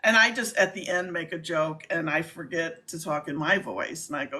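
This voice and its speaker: A woman's voice: on the low side, fairly quick, gravelly, hardly any pauses, pushed and bright. A woman hosting a casual livestream chat, talking in a chatty way and laughing easily. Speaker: livestream host.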